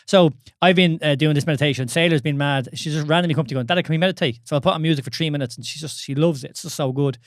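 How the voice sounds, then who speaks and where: A man's voice: fairly high pitch, rapid-fire, hardly any pauses, no room sound, studio quality. A man in his thirties with an Irish accent, co-hosting a casual podcast, candid and swearing often with many restarts. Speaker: podcast co-host.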